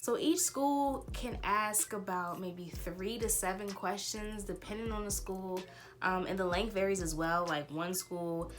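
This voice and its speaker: A woman's voice: lowish voice, fairly bright tone. Chatty young woman giving slangy advice. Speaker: vlogger. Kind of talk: casual advice vlog.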